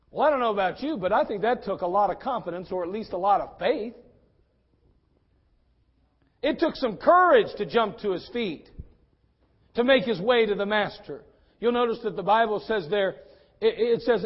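A man preaching a sermon at a church service, animated and acting out the voices of people in his stories. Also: high-pitched, normal speed, dull audio. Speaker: pastor.

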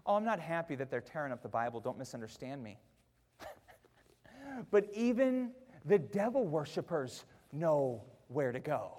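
A man preaches into a clip-on mic in a large church, his voice set a little high for a man, with a long reverb trailing each phrase. He drops to chatty, self-mocking asides and laughs with the congregation, then climbs to shouted peaks. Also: big pitch swings, measured pace, pauses often. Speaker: pastor. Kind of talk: sermon. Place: church auditorium. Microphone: wearing a mic.

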